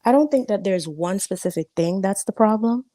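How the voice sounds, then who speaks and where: A woman guest on a casual panel chat, talking in an animated, emphatic way and laughing often. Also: mid-range voice, moderate pace, dry recording.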